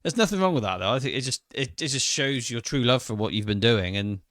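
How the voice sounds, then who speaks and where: A man's voice: medium pitch, lively intonation, fast, fairly bright tone, no echo, studio quality. A man hosting a podcast interview, reacting eagerly and encouraging his guest. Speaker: podcast host. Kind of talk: casual interview.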